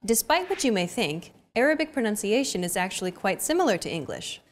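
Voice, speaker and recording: A woman's voice: medium pitch, big pitch swings, brisk, background noise. A young adult woman hosting a language lesson, with a scripted, upbeat coaching delivery.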